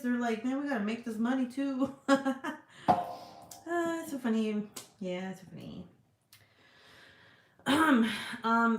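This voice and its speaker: A woman streamer chats casually with her viewers and reads their comments aloud. She swears freely, laughs often and talks slowly. Her voice sits in the middle of the range and rings in an echoey room. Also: medium pitch. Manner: profane, giggly, rambling. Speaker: livestream host. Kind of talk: casual livestream chat reading comments.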